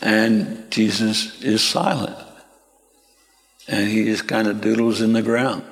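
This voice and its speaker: A man preaching a sermon slowly and deliberately, lifting his voice sharply when he quotes others. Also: on the low side, fairly even intonation, gravelly. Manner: slow, deliberate delivery that rises sharply when quoting. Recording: long reverberant hall.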